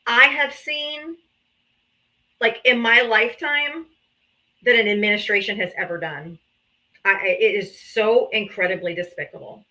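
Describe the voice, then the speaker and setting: A woman's voice: a little high, bright, forceful tone, low-quality recording. A woman hosting a political livestream, combative and taunting, calling out viewers to come up and talk. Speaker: livestream host.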